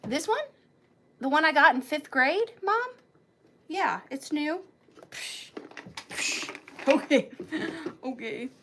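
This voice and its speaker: A high-pitched woman hosts a live sale of vintage finds, chatting casually and greeting viewers by name between items. She laughs often and sounds a bit out of breath as she talks. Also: big pitch swings, slow pace, pauses often, fairly bright tone, a little hiss or hum. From Georgia, US. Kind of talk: casual live-stream selling.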